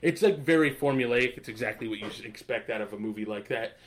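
A man's voice: medium pitch, quick pace, a little hiss or hum. A man co-hosting a casual podcast chat, rambling with lots of fillers, swearing freely and laughing often.

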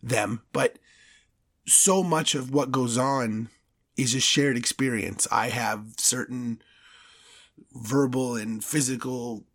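A man behind a studio podcast mic, ranting on his own with real heat. His voice sits in a middle pitch, and the sound is dry and close, with no room around it. He stammers and restarts when he gets worked up. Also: fairly even intonation, slow pace, a bit bright, no echo. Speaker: podcast host. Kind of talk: solo podcast rant.

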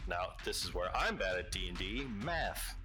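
A man narrating a tabletop game as game master, halting with many fillers. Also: low voice, very animated, over music, low-quality recording.

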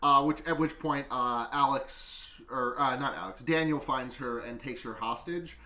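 Bright-voiced man, giggly and profane. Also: medium pitch, measured pace, reverberant. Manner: profane, giggly, animated retelling. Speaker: podcast host. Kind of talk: casual movie recap chat.

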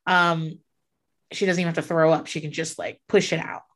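A woman's voice: low voice, brisk. A middle-aged woman in casual chat, telling stories with lots of swearing. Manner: animated storyteller, swears freely. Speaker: podcast co-host.

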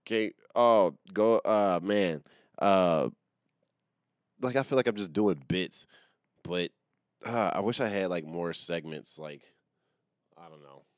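A man's voice: low voice, slow pace, pauses often, clean tone, no room sound, studio quality. A man hosting a solo comedy podcast, rambling in a profane, slangy way and laughing at his own jokes. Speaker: podcast host and stand-up comedian. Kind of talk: casual solo podcast rant.

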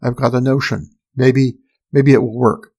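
A man's voice: mid-range voice, fairly even intonation, normal speed, creaky, dark tone, husky. A man voicing an old, badly injured spaceship engineer who speaks in a strained, dry, pained way.

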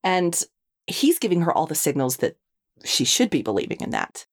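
A woman's voice: deep voice, huge pitch swings, moderate pace. A woman co-hosting a literary podcast, chatting enthusiastically about a novel and laughing often. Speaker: podcast co-host. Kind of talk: casual literary discussion.

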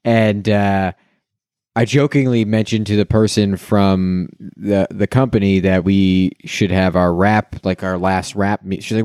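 A man's voice: lowish voice, fairly quick, no echo, studio quality. A man co-hosting a casual chat, telling stories with lots of laughter and silly voices. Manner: laughing, animated storyteller doing silly voices. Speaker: podcast co-host.

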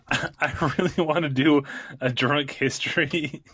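A bright, forward-sounding man in casual podcast chat. He laughs often and riffs on his co-host's story with jokes. The mic is close and the sound is dry. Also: fairly high pitch, steady tone, slow pace, slightly rough, dry recording. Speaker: podcast co-host.

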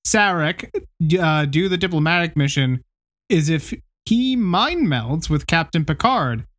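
A man's voice: on the high side, expressive, measured pace, fairly bright tone, dry recording, clean studio sound. A man co-hosting a casual podcast chat, recapping the plot with a laugh and plenty of swearing. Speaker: podcast co-host.

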